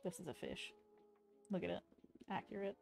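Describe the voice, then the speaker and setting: Soft background music plays as a woman draws live and casually chats, playfully reading out messages from viewers. She speaks at a moderate pace in a lowish, steady voice that's creaky and a little mellow.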